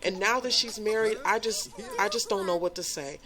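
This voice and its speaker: A woman's voice: mid-range voice, close to an everyday voice. A woman voicing an angry, hurt middle-aged father in a life-sim game story, in her own everyday voice and repeating herself. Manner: halting, repeats phrases.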